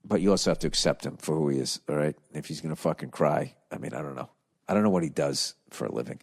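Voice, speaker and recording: A man doing a gruff, very deep-voiced tough guy. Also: exaggerated voice. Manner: brusque, hurried.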